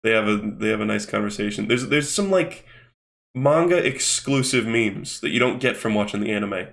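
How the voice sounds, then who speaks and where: A man's voice: fairly low pitch, lively intonation, normal speed, vocal fry, fairly bright tone. A young man hosting a casual commentary while skimming a manga, swearing often and rambling with lots of fillers. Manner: profane, rambling, with many fillers. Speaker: host.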